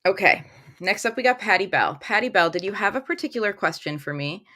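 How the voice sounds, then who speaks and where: Bright-voiced woman hosting a livestream. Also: medium pitch, animated, fairly quick. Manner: chatty and upbeat, reads viewer comments aloud. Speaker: tarot reader hosting a livestream. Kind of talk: casual livestream chat. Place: home room she calls her fairy cave. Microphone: phone.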